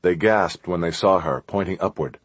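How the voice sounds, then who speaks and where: A man narrating an adventure audiobook in a steady, measured storytelling manner. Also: deep voice, no echo.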